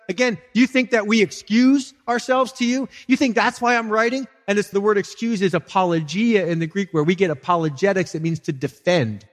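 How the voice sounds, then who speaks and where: In a church sanctuary, a male pastor with a fairly high voice preaches a sermon, speaking casually to the congregation with rhetorical questions and quoted voices. A long reverb tail follows his words.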